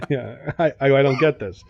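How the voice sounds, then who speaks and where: A man's voice: mid-range voice, unhurried, slightly rough, no room sound, muffled recording. Podcast man, storyteller, acts out both sides of the talk, laughs a lot, dry close sound. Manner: animated anecdote-telling, acts out dialogue, laughs often. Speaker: podcast co-host telling a story. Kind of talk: casual chat, storytelling.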